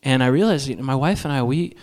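Talking fast in a mid-range voice, a man delivers a comic story live, acting out all the voices with animation and plenty of self-mockery.

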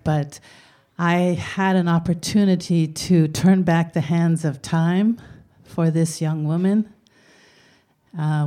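An older woman telling a personal story in a gentle, reflective way. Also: fairly low pitch.

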